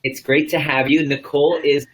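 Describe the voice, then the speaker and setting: A man's voice: fairly high pitch, flat delivery, moderate pace, poor audio. A man hosting a live video stream as a coach, enthusiastic and loose, rambling with lots of ums and uhs. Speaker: host, coach.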